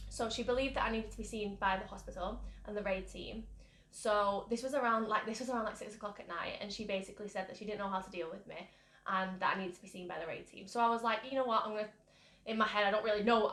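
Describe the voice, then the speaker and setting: A woman's voice: medium pitch, steady tone, quick pace, a bit bright. A young woman from the UK candidly recounting a personal story, rambling with many fillers. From United Kingdom. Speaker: mental health vlogger. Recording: roomy echo.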